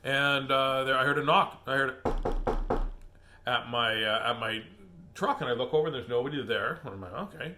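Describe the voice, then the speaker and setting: A man's voice: mid-range voice, moderate pace, noisy background. A middle-aged man hosting a casual book reading, rambling and laughing as he gets sidetracked. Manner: laughing, chatty, easily sidetracked. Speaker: host reading children's books aloud.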